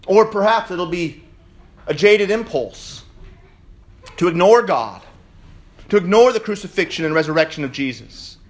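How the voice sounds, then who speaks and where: A man preaching in a church, his fairly high voice leaping up and down in pitch. He moves between ringing, shouted declarations and quiet, playful asides to the congregation. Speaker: pastor. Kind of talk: Easter sermon.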